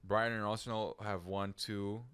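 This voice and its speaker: Laid-back lower-voiced guy. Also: normal speed, clean tone. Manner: relaxed, says "dude", easily amused. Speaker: podcast co-host. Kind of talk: casual football chat.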